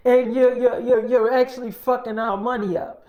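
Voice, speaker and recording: A man voicing an angry management team who yell furiously and swear through every line. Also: sits high, moderate pace, phone-quality sound, pitched above the performer's own voice, natural voice. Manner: furious, yelling, profane.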